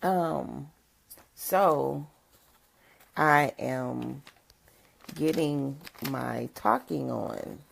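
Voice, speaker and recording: An older woman giving a casual livestream chat as a motivational speaker, with a rough morning voice. She is chatty, greets viewers by name and laughs often. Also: extremely low pitch, extremely slow, pauses often, a little hiss or hum.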